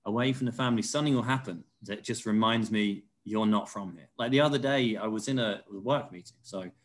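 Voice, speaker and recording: A man's voice: medium pitch, fast. A man hosting a podcast, telling chatty anecdotes in an easygoing way. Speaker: podcast host. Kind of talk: casual interview chat.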